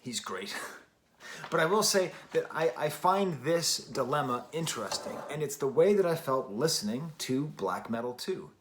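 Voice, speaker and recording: A man's voice: a little high, expressive, moderate pace, a little hiss or hum. A man giving a casual spoken record review, thinking aloud with many restarts and fillers. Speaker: music reviewer.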